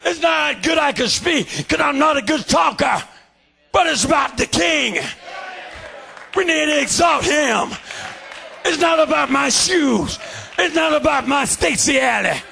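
High, raspy, shouting preacher man. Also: lively intonation, measured pace, a faint crowd. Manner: fervent, shouting, preacherly cadence. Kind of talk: shouted revival sermon. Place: church sanctuary.

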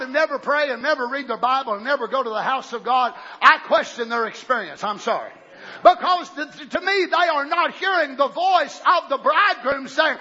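A male preacher delivers a fervent sermon, often shouting and breaking into cries of praise. His voice is very high and bright. The sermon recording sounds dull and lo-fi. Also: lively intonation, moderate pace.

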